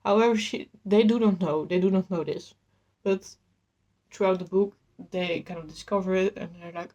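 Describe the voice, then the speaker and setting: An eager woman talks casually about her reading, rambling a little and sounding slightly out of breath. Her voice is mellow and warm, at a middle pitch, and her pitch jumps upward when she gets excited. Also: normal speed. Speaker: book vlogger. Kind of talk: casual chat.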